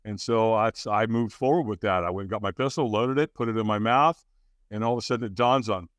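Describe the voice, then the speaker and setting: A man's voice: on the low side, fast talker, fairly bright tone, clean tone, no echo, clean studio sound. A man in his sixties, a podcast guest, frankly and earnestly recounting his life, with fillers, restarts and acted-out quotes. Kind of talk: candid personal storytelling in an interview.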